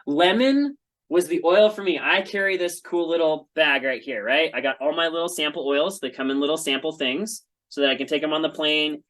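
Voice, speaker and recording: A man's voice: on the high side, a little fast, fairly bright tone, poor audio. Chatty man telling stories. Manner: chatty storytelling with frequent asides. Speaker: presenter. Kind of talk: casual presentation.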